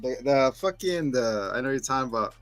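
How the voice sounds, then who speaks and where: A man's voice: medium pitch, expressive, dry recording, soft background music. A man co-hosting a casual review podcast, cracking jokes and chiming in. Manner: joking, quick to laugh. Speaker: podcast co-host.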